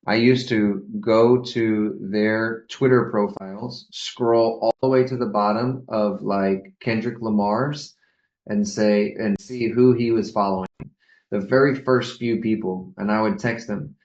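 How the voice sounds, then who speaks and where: A man's voice: on the low side, fairly even intonation, a little slow, darkish tone, reverberant, highs cut off. A man hosting a course, telling stories casually on a group call in a loose, profane way and acting out the people he quotes. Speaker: course host.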